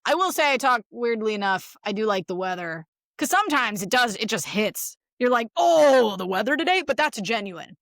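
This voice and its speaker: A woman's voice: medium pitch, fairly bright tone, no echo, studio quality. A woman therapist co-hosting a podcast in casual chat, talking bluntly and animatedly, acting out quoted voices.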